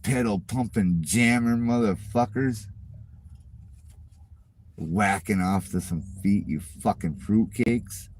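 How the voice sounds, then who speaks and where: A man's voice: fairly low pitch, slow pace, darkish tone, a little hiss or hum. A middle-aged man hosting his channel, ranting in a casual, profane and mocking way at viewer comments. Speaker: channel host.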